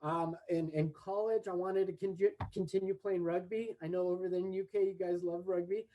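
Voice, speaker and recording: A man's voice: sits high, steady tone, fairly quick, warm tone, low-quality recording. A man, a podcast guest who talks cheerfully and laughs often. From Southern California. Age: late 40s. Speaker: guest, English teacher. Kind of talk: casual podcast interview.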